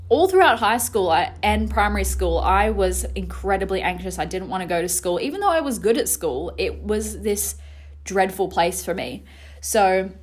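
Frank young woman telling her story. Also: mid-range voice. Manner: frank and reflective, swears, halting restarts. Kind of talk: candid personal storytelling.

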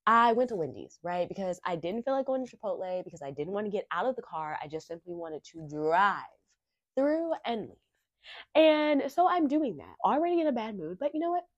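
A woman podcast host telling a casual story in an animated, chatty way, full of rhetorical asides. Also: mid-range voice, no room sound. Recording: dry, slightly muffled lo-fi recording.

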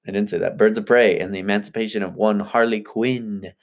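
A man co-hosting a podcast, chatting casually and joking around with quick asides. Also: on the low side, steady tone. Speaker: podcast co-host. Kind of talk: casual chat.

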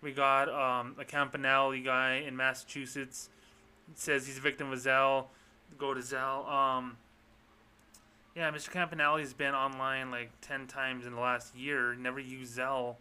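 A man's voice: mid-range voice, level tone, moderate pace, pushed and bright, clear, resonant tone. A man putting on a casual male bank media relations man who talks offhand and matter-of-fact.

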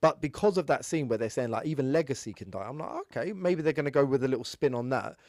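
A man's voice: mid-range voice, expressive, quick pace, a little mellow, no echo, clean studio sound. A man chatting casually about films, explaining at length with many restarts. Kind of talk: casual film discussion.

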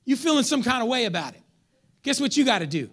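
A man's voice: very high voice, fast talker. A man preaching a sermon as pastor in a church, joking with the crowd and acting out his listeners. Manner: animated preacher, acts out congregants, jokes with crowd. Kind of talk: lively sermon.

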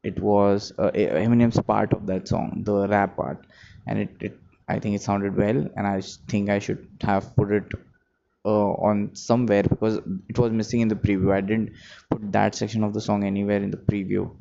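A music producer thinks aloud in a rambling, reflective daily monologue, sleepy and yawning, often correcting himself. His voice sits lowish, with a level tone, vocal fry and a dark quality, at a moderate pace. It's a dull lo-fi recording with a faint hum in the background.

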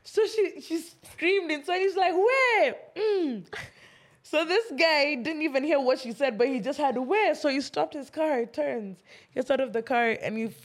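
A woman co-hosting a casual podcast chat, telling stories in an animated way and acting out what people said. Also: high voice, normal speed. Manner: animated storyteller, acts out quotes. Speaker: podcast co-host.

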